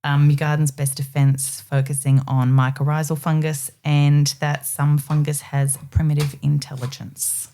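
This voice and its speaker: A woman on a casual panel chat, a jokey panelist who is quick with quips and here recaps a list of facts. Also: sits low, level tone, mellow.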